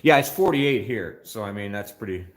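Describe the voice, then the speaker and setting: A man's voice: fairly low pitch, lively intonation, normal speed, roomy sound, noisy background. An older man hosting a casual phone live stream from a motorcycle shop, chatting in a rambling, scattered way and reading viewer comments aloud. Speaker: motorcycle channel host.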